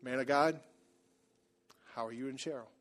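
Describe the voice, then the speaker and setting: A middle-aged man preaching a sermon, dropping to a quiet confessional murmur and then building to loud exhortation. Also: mid-range voice, steady tone, normal speed. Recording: soft music behind.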